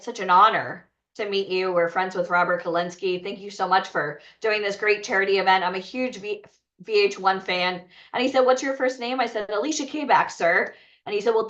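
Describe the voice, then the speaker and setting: A woman hosting a talent event, telling a lively personal story to an audience, cursing freely and asking them questions. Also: mid-range voice. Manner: animated, swearing, asks the audience questions. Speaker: event host and talent coach. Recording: dull, lo-fi sound.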